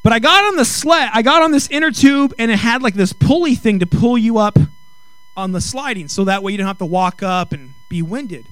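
A middle-aged male pastor preaching a sermon with comic storytelling, animated and acting out dialogue. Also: sits high, a little fast, no echo, low-quality recording. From Mexican heritage. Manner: animated, acts out quoted dialogue, rising to exclaim.

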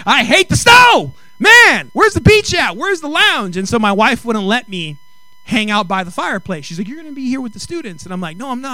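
A middle-aged male pastor preaching a sermon with comic storytelling, animated and acting out dialogue. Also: sits high, clean tone, dry recording, rough recording. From Mexican heritage. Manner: animated, acts out quoted dialogue, rising to exclaim.

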